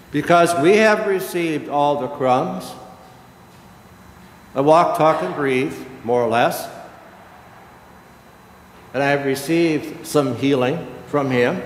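An older man, a pastor, delivers a sermon in a church sanctuary, preaching slowly and emphatically with dramatic pauses. His voice sits a little high, and the echoey hall adds long reverb along with a little hiss or hum.

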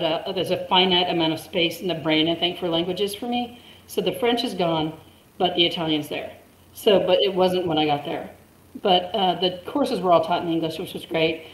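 A woman in her forties telling a story in casual chat, chatty and laughing often. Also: fairly low pitch. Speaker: guest. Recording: roomy echo.

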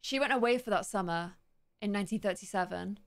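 Chatty young woman narrating her gameplay. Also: medium pitch. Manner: chatty, curious, thinks aloud and reads slowly word by word. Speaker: let's-play host. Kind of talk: gaming commentary, reading game text aloud.

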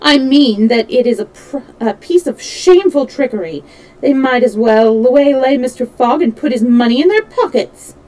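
A woman voicing an excitable, tipsy male French manservant who speaks indignantly and with emphasis. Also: fairly high pitch, normal speed, lightly acted, rough recording. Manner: indignant, exclaiming.

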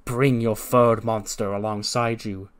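A man's voice: lowish voice, steady tone, clean tone, lightly acted. A man doing a menacing wrestler's promo. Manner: slow, drawn-out dramatic pauses. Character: menacing pro wrestler cutting a dramatic promo.

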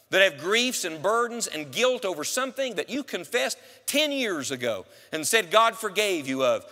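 Male preacher: higher-pitched, bright, very lively delivery, emphatic and direct with the congregation; church room reverb. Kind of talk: sermon. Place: church sanctuary.

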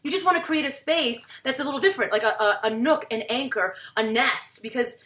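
A woman's voice: on the high side, lively intonation, fairly quick, a bit bright. A woman hosting a casual, joking interview about stand-up comedy, often laughing and making playful asides. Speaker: host.

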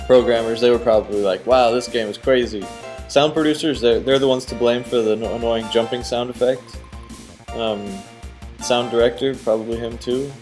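Excitable man commenting on gameplay. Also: medium pitch, normal speed, soft background music. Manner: excitable, talks to the game character. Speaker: let's play host.

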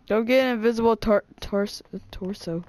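A man chatting while gaming, sounding flat and fed up with his friend's singing. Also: high-pitched, normal speed, no room sound. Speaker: gamer. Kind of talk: casual gaming chat.

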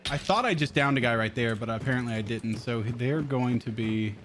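Streamer dad, casual and profane, mid pitch, noisy recording. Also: male voice, brisk, a bit bright. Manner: casual, swearing, storytelling. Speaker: streamer, father. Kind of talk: casual gaming chat.

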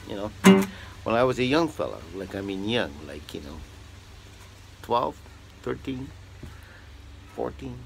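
A man's voice: on the low side, vocal fry, poor audio. A man musician chatting casually on a porch between songs, rambling in a folksy way with lots of fillers. He is recorded on a phone. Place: porch, outdoors. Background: loud acoustic guitar playing.

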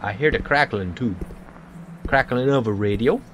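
A man's voice: medium pitch, normal speed, fairly bright tone, a little hiss or hum. A man hosting a horror game let's play, talking in a playful way with silly made-up words.

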